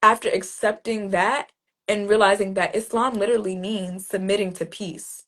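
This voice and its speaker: A woman's voice: mid-range voice, fairly even intonation, moderate pace. A woman poet being interviewed, telling a personal story in a casual, earnest way, with many "like"s and restarts. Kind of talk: reflective conversational storytelling.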